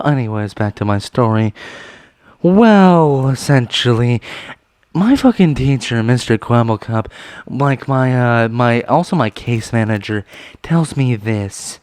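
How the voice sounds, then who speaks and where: A young man rambles through a story for his vlog, full of fillers and casual swearing. His voice sits at an ordinary middle pitch. The sound is dry and close, with no room around it. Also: lively intonation, measured pace, a little mellow, clean tone, no echo. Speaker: vlogger telling a school story.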